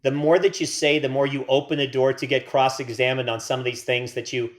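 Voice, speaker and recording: A man's voice: medium pitch, little pitch movement, brisk. An American man co-hosting a casual podcast, rambling through playful tangents and mock-serious teasing. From United States. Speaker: podcast co-host. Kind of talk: casual chat.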